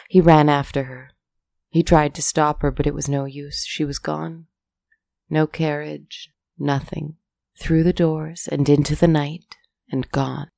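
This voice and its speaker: A woman narrating a fairy tale aloud in a measured, soft-spoken way. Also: low voice, gravelly, no echo. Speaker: storyteller.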